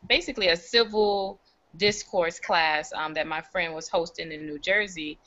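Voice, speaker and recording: Bright, thoughtful woman on call audio. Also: fairly low pitch, lo-fi sound. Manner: thoughtful, measured, with frequent ums. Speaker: panel guest. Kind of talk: online panel discussion. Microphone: remote call audio.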